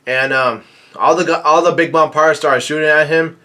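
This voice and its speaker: A man recapping a comic chapter in casual talk, halting with many fillers and restarts. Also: fairly high pitch, fairly even intonation, bright, forceful tone. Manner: reads quoted lines in a plain narrating voice. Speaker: manga reaction vlogger.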